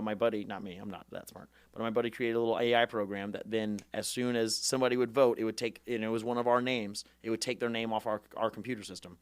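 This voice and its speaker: A man's voice: medium pitch, clean tone, dry recording. A young man, telling his story as a podcast guest and acting out the voices of the people he quotes. He talks with rally-speech energy and swears freely. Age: 20s. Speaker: guest, former congressman. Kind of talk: animated storytelling interview.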